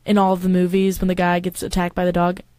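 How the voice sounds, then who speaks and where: A woman's voice: on the low side, completely flat delivery, quick pace, mellow, smooth, dry recording. A woman comedian guesting on a podcast, making teasing, wry remarks in casual chat.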